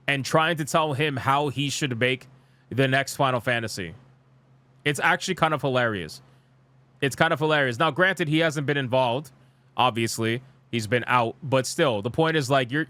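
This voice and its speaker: A man's voice: medium pitch, normal speed, a bit bright. A young man streaming live, reacting to gaming news and reading comments aloud in a blunt, exasperated, profane rant.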